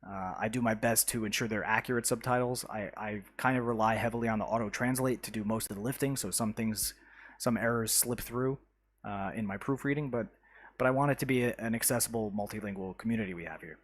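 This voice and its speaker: A man chatting live to his viewers while showing off his city-building game, talking in a relaxed, halting way full of "uh"s and restarts. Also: on the low side. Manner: greets chat viewers by name. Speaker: live streamer.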